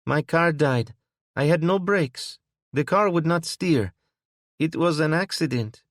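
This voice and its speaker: A man voicing a worried woman with a thick accent who speaks in short, halting sentences after a car crash. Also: a little high, lively intonation, no room sound, clean studio sound, voice pushed up. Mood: shaken.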